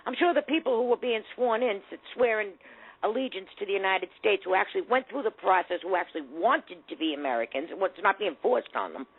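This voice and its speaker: A woman's voice: mid-range voice, expressive, fast, breathy edge. A woman hosting a talk radio show, giving indignant, sarcastic commentary. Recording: tinny phone-like audio.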